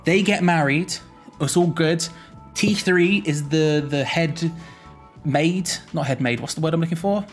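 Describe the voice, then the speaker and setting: A man's voice: fairly high pitch, a little slow, faint music behind. A young man giving a jokey, rambling explainer vlog, often correcting himself mid-sentence. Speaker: YouTuber.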